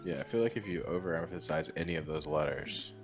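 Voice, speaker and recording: Deep-voiced man teasing in podcast chat. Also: highs cut off, faint music behind. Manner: offhand, teasing, quick to egg others on. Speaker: podcast co-host. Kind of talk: casual chat.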